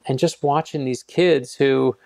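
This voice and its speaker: A man's voice: medium pitch, measured pace, creaky, no echo. A middle-aged man, an author, telling stories in an interview and acting out the dialogue with energy. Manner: animated storyteller acting out dialogue. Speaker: author guest. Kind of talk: storytelling interview answers.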